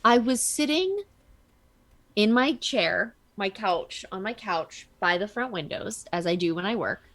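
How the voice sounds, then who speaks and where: A woman streaming a card game, chatting casually and telling stories in an animated way. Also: medium pitch, unhurried. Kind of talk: casual chat while gaming.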